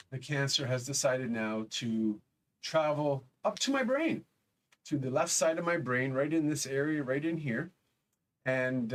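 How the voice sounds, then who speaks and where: A man on a home live stream speaks in a somber, halting way, pausing often between thoughts. His voice sits at an ordinary middle pitch. He sounds a little distant from the microphone. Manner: halting, somber, many pauses. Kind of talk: live stream talk reading chat. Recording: voice a bit distant from the mic.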